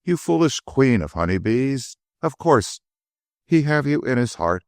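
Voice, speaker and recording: A man's voice: medium pitch, big pitch swings, unhurried, a little mellow, dry recording, clean studio sound, pitched above the performer's own voice. A man playing a doting old washerwoman servant. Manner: homely, ungrammatical country speech. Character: older working-class female servant, loving and fussy.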